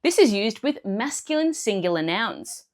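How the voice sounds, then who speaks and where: A woman teacher explaining Italian grammar clearly and step by step in a scripted lesson. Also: medium pitch, very animated, normal speed.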